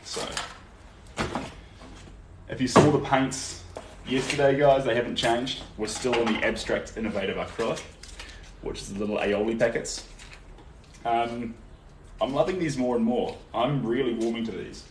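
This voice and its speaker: Painting live from an indoor art studio, a young man with a New Zealand accent chats casually with viewers, answering their comments. His medium-pitched voice moves at normal speed, pausing often and full of ums, and the recording is echoey, distant from the mic, with faint background noise.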